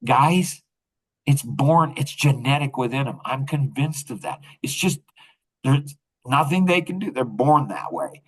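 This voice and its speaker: A man's voice: medium pitch, expressive, unhurried, breathy edge, poor audio. An older man hosting a podcast, talking in a rambling, casual monologue full of restarts and laughter. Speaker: podcast host.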